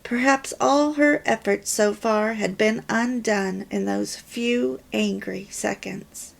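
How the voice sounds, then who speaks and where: A woman reading a story aloud in a deliberate, measured way. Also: mid-range voice, vocal fry. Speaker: reader of a homemaking course.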